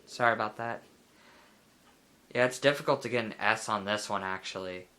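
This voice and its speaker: A man's voice: on the low side, normal speed. A young man giving casual, rambling commentary over a video game, full of fillers and playful asides. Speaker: let's play gamer. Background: loud game music.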